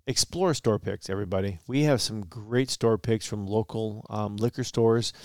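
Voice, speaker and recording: Smooth low-voiced man, dry close mic. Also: steady tone, moderate pace, a little mellow, no echo. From Michigan. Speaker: podcast co-host. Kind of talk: casual chat.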